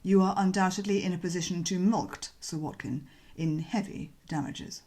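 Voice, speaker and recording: A woman voicing a deferential male valet, calm and formal, with a measured, soft delivery in an audiobook reading. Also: lowish voice. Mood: unflappable.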